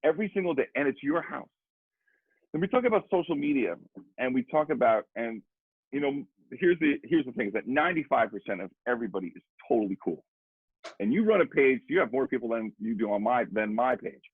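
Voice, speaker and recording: A middle-aged man, a guest drummer and educator, telling a story in a rambling, animated way, with lots of repeated "I said.". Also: medium pitch, fairly quick, husky, no room sound. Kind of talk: casual storytelling conversation. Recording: dry, tinny phone-like sound.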